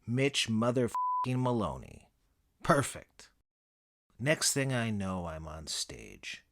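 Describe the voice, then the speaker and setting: Dry deadpan guy reading a funny story, kinda low voice, bit of swagger. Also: unhurried, gravelly. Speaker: narrator. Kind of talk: scripted comic narration.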